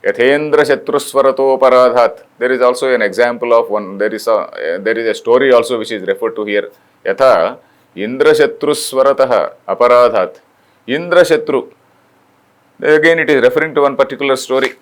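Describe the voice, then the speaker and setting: A man's voice: mid-range voice, fast talker. An older man from India, lecturing on scripture, explaining patiently with many fillers and restarts and reciting Sanskrit verses. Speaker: spiritual lecturer.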